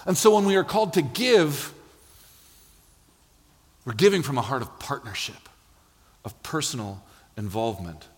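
A man preaching a sermon in a church, telling stories with lively, acted-out quotes. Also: mid-range voice, moderate pace, pauses often. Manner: animated storytelling, acts out quotes. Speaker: pastor. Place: church sanctuary. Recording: long hall reverb.

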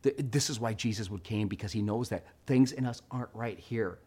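A middle-aged man preaching a sermon, telling a story with animated swings between hushed and loud delivery. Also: lowish voice, fairly quick, husky. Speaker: pastor.

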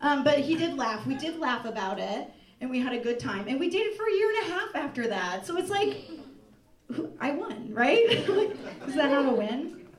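A woman's voice: high-pitched, moderate pace. Young woman telling a story live. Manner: laughing, animated confessional. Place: live comedy stage. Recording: echoey room from far off, loud crowd.

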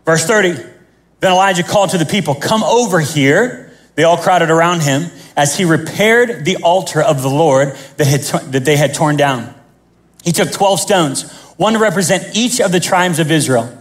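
High-voiced animated male pastor. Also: moderate pace. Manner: animated, joking, acts out scenes. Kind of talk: sermon.

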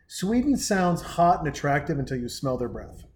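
A man's voice: a little high, very animated, normal speed, slight background noise. A male podcast host riffing crudely, playing out little bits in silly voices. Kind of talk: crude comedic banter.

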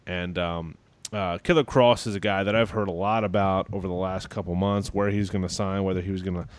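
A man's voice: deep voice, steady tone, fairly quick, no room sound. A man co-hosting a casual wrestling podcast, rambling with lots of fillers and restarts. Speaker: podcast co-host.

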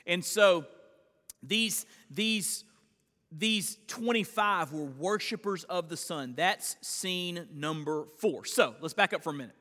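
A man's voice: high-pitched, slow pace, pushed and bright, long reverb tail. A man preaching an expository sermon, reading scripture aloud with earnest restarts in a church sanctuary. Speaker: pastor.

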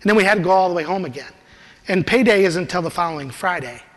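A man preaching a sermon and telling a personal testimony in an animated storytelling manner. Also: sits high, quick pace, big-room sound. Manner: animated storytelling, laughs while he talks.

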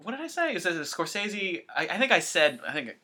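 A man's voice: high-pitched, fairly quick. A man from the Boston area, co-hosting a podcast, chatting jokily about films with stammering restarts. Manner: animated, jokey, stammering restarts. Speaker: podcast co-host. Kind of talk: casual film chat.

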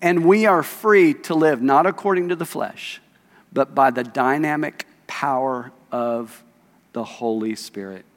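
A man's voice: mid-range voice, measured pace. A male pastor preaching a sermon, reading scripture aloud in a conversational way and asking the congregation questions. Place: church sanctuary. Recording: long reverb of a church hall.

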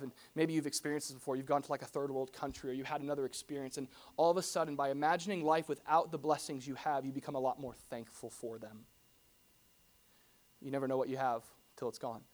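A pastor giving a conversational sermon to a congregation, animated and full of rhetorical questions and casual asides. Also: mid-range voice. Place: church hall before a congregation.

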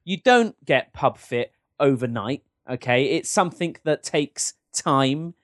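A man's voice: medium pitch, lively intonation, measured pace, no echo, studio quality. A man co-hosting a podcast, rambling and joking with lots of restarts. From England. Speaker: podcast co-host. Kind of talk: casual advice-show chat.

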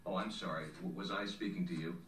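A sarcastic federal agent. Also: male voice, deep voice, fairly even intonation, fast, a bit bright. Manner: accusing, sarcastic. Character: aggressive male federal agent interrogator, sarcastic. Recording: film audio heard from far off in an echoey room with noise.

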